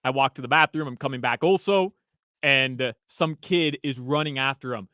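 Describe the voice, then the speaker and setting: A man on a sports radio show, telling a story in an animated way and acting out the quotes, on a studio microphone. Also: mid-range voice, moderate pace, smooth, no echo. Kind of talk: casual sports radio banter.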